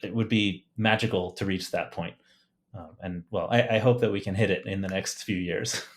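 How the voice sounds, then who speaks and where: A man's voice: deep voice, steady tone, moderate pace. A man, a guest engineer on a podcast, talking about his work with enthusiasm and frequent restarts. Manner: enthusiastic, fillers and restarts, light laughs. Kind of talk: casual technical chat.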